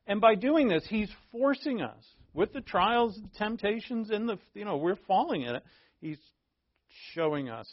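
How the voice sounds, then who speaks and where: A man preaching a conversational sermon, animated, chuckling often and acting out little back-and-forth dialogues. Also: fairly high pitch, dry recording. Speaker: pastor. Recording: dull, slightly lo-fi dry recording.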